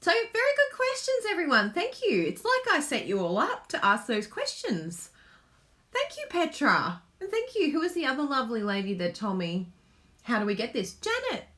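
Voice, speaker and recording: A woman's voice: high-pitched, wildly swooping pitch, moderate pace, sharp tone. Bubbly Australian woman, chatty. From Queensland, Australia. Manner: bubbly, laughs often, chatty. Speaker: craft demonstrator host. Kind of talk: casual live chat.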